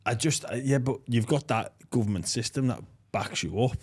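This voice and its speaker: Aussie bloke hosting a podcast, loud, jokey, swears a lot, mid pitch. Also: male voice, expressive, moderate pace, husky. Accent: Australian. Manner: loud, joking and swearing, laughs often. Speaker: podcast host. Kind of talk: casual chat.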